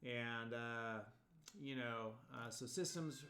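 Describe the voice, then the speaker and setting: A man's voice: medium pitch, steady tone, unhurried, pushed and bright, soft background music. A male college instructor giving a recorded video lecture in a loose, rambling way, full of fillers and restarts. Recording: echoey room.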